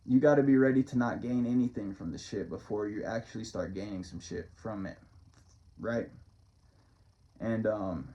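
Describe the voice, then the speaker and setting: A man's voice: on the low side, normal speed, mellow, highs cut off. A man rambling casually into the camera as a motivational vlogger, swearing freely and chuckling as he talks. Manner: loose, profane, chuckling often.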